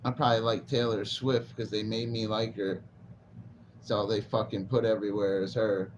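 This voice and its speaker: A man's voice: on the low side, little pitch movement, moderate pace. Stoned, rambling man on a livestream. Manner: rambling, profane, laid-back. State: stoned, zoned out. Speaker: livestreamer reading chat. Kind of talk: casual livestream chat. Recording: dull lo-fi stream audio with faint noise.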